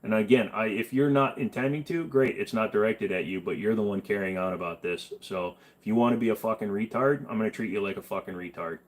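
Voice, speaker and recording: A young man hosts a casual live stream, reading out comments and firing back bluntly, with a lot of swearing. His voice sits a little low for a man. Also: fast talker, hardly any pauses. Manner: blunt, profane, wisecracking.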